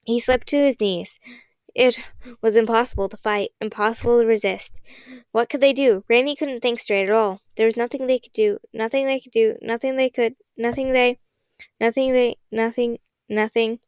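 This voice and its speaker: A woman narrating a children's audiobook in an expressive, dramatic reading. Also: fairly high pitch, moderate pace, clear, resonant tone, no echo.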